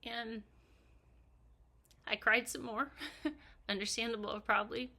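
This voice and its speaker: A middle-aged woman telling an emotional personal story in an earnest, halting way, sometimes dropping to a near whisper. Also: fairly high pitch, fairly even intonation, gravelly, bright, forceful tone. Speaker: vlogger recounting her husband's death.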